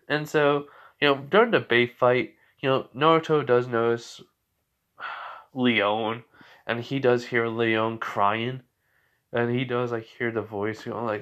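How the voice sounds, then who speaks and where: A man's voice: medium pitch, steady tone, slow, fairly bright tone, dull audio. A man casually narrating a fan story, rambling with lots of fillers and corrections.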